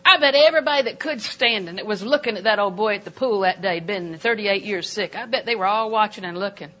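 An older woman preaching a sermon in a church auditorium, animated and emphatic, with sudden jumps in pitch. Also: fast talker.

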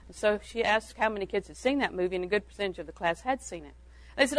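A woman's voice: medium pitch, expressive, quick pace, no echo, poor audio. An older woman giving a homespun talk on parenting to a church audience, telling anecdotes and chuckling between them. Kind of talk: folksy storytelling talk to an audience.

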